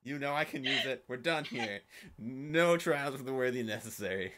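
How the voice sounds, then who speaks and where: A man's voice: mid-range voice, normal speed, a bit bright, natural voice. A man voicing an impatient adventurer who bluntly demands the loot and skips the puzzles. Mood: exasperated. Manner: exasperated, blunt.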